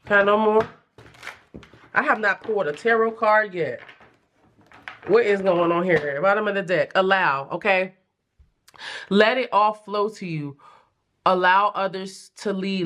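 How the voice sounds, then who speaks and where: A young adult woman giving a casual pick-a-card tarot reading, chatty and animated, with playful slang and frequent laughs. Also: lowish voice. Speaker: tarot reader.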